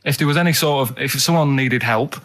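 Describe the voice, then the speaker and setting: Male radio sidekick, flat, halting, grumbling delivery, mid pitch. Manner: flat, hesitant, rambling, grumbling. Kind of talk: radio banter. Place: radio studio.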